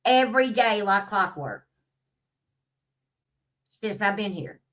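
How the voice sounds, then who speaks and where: A woman's voice: medium pitch, expressive, takes it slowly, a bit bright, far from the mic. A woman vlogger ranting casually, blunt and heavily profane, rambling from one story to the next. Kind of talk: casual rant to camera.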